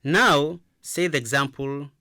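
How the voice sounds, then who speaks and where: A woman teaching a radio lesson for children, slowly leading the listeners to repeat phrases after her. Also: low-pitched, very noisy. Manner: slow, encouraging, repeats phrases for listeners to echo.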